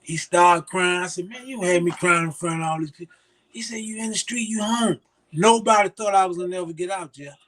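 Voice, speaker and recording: Older man, high voice, lively storyteller. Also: a little fast. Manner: animated, acts out quoted voices. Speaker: interview guest. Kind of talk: storytelling in casual conversation.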